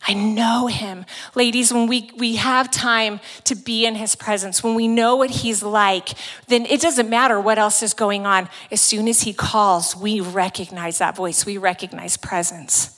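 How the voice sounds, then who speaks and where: A women's ministry speaker preaches to a women's gathering, retelling scripture in a conversational yet emphatic way. Her voice is medium-pitched, fairly even, fairly bright, at normal speed, with long reverb from a large hall.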